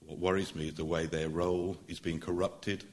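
A middle-aged man, a barrister, addressing a public meeting in an earnest, emphatic way that builds to forceful points. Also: sits low, flat delivery, brisk. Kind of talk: public speech.

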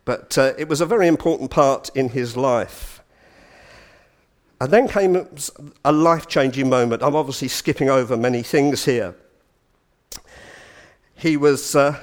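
A man giving a storytelling lecture, animated and full of chatty asides. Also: medium pitch. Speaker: speaker giving a talk.

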